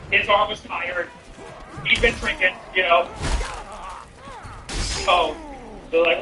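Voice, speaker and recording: A man's voice: high-pitched, fairly even intonation, slow pace, recorded from a distance. A man streaming a game and riffing sarcastically in rambling, filler-heavy talk. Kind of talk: comedic commentary while gaming. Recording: roomy, off-mic, music behind. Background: music.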